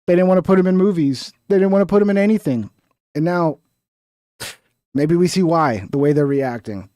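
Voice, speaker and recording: A man's voice: fairly high pitch, lively intonation, fairly quick, mellow, dry recording. A man hosting a casual reaction stream, talking in a crude, rambling, profane way.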